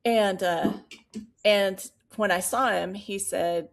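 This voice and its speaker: A woman co-hosting a podcast, telling a personal story in casual chat, animated and full of fillers and asides. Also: mid-range voice, a little slow, vocal fry. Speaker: podcast co-host.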